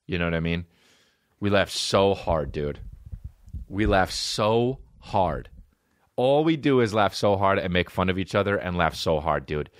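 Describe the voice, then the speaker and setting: A man in his thirties hosting a comedy podcast, ranting in a profane, animated way. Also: low-pitched, measured pace. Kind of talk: casual comedic rant.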